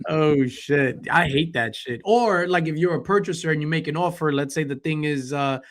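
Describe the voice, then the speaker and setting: A man's voice: a little high, moderate pace. A man hosting a casual pop culture chat show, laid-back and slangy. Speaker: show host.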